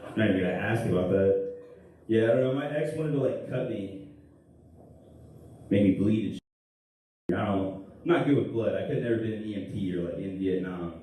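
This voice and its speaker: A young man doing crude, rambling stand-up comedy with deadpan asides. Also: lowish voice, normal speed, long pauses. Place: comedy club stage. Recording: echoey room, distant mic, noisy.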